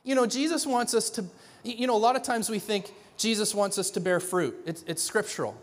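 A middle-aged man preaches in a loose, conversational way, restarting phrases and acting out little scenes. His voice sits high for a man. The sound rings with the long reverb of a large church hall. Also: a little fast. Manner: animated, conversational, many restarts, acts out dialogue. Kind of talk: sermon.

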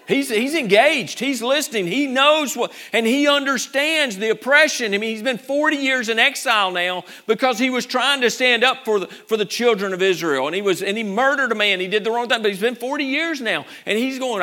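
A man preaching a sermon, acting out the scripture scenes with lively, shifting delivery. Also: very high voice, a little fast, few pauses. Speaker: pastor.

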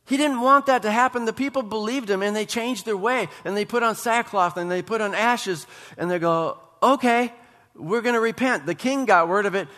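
A man's voice: high voice, a little fast, a bit bright. A man preaching a sermon as pastor, building passion with emphatic repetition. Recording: long reverb of a church hall.

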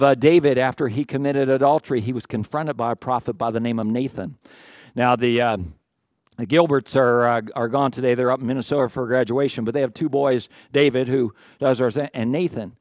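A middle-aged pastor, out of breath, preaches to his congregation in a mid-range voice, keeping it conversational with asides, jokes at his own expense, and rhetorical questions to the room. The recording is clean studio sound with no echo.

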